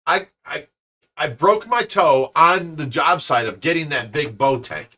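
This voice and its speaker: A man hosting a show, telling a story in casual chat, animated and restarting his sentences often. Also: fairly high pitch, unhurried. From Ohio, USA. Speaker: show host. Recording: voice a bit far from the mic.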